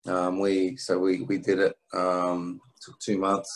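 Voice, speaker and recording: Low, flat-voiced man telling a story. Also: rough recording. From England. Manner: halting, many restarts and fillers. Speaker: interview guest. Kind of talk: reflective storytelling.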